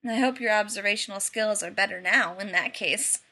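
A woman reading a story and voicing a gruff, sardonic man who talks flatly and teases. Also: sits high, fairly quick, exaggerated voice. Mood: dry. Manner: flat, dry, sardonic.

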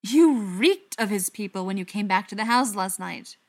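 A woman's voice: mid-range voice, moderate pace, natural voice. A woman reading an audiobook, voicing an angry male vampire butcher who presses hard and raises his voice. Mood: furious. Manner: forceful, accusing, raised voice.

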